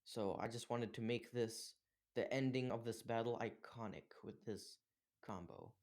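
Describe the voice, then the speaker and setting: Young male gamer, mid-pitched, casual commentary, filler-heavy. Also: unhurried, a little mellow. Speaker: gameplay commentator. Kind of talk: gameplay commentary.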